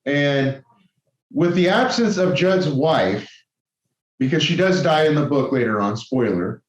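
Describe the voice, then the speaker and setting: A man co-hosts a casual podcast, rambling and correcting himself as he talks. His voice sits a bit high for a man. The recording sounds roomy and dull, with a lo-fi edge. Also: animated, unhurried. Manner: rambling, self-correcting, many restarts. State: tired and caffeinated. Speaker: podcast co-host.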